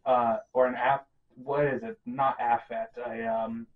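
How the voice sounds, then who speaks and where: A man's voice: mid-range voice, level tone, unhurried, no room sound, phone-quality sound. A man hosting a podcast in casual chat, rambling with many fillers and self-mocking jokes. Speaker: podcast host.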